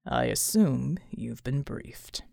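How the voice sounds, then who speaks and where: A woman voicing a calm, stern male field commander in an audiobook. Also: a bass voice, takes it slowly, creaky, no echo, studio quality, pitched below the performer's own voice, heavily acted. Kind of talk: audiobook character voice.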